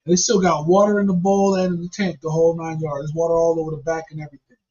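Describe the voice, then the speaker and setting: Husky man telling a funny story. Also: a little high, flat delivery, fast, darkish tone. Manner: profane, laughing while telling the story. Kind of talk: casual comedic storytelling. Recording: dull lo-fi recording.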